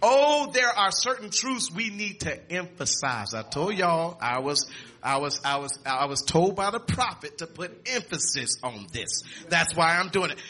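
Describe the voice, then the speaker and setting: Man, preacher, sermon, high voice, shouts and exclamations. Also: very animated, measured pace. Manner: reading scripture aloud with stumbles and repeats.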